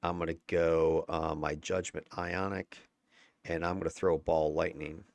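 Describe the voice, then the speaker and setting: Very deep-voiced man breaking down gameplay. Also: level tone, measured pace, vocal fry, no echo. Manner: chatty and candid, chuckling, mild swearing. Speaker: gameplay commentator. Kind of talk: casual gameplay breakdown commentary.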